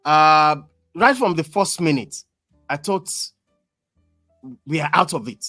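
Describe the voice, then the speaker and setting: A man's voice: a little high, animated, slow pace, bright, forceful tone, no echo, studio quality, faint music behind. A man with a Nigerian accent hosting a football fan reaction show, exasperated and talking in a sing-song way. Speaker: host.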